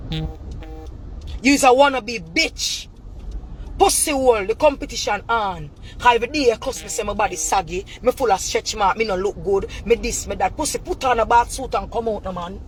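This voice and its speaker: A Jamaican woman with a high voice delivers a confrontational callout rant in thick patois, circling back on the same points again and again. She bursts into shouting now and then. A faint hum of noise runs under her. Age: adult mother. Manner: confrontational, rapid repetitive ranting in patois. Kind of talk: ranting callout video.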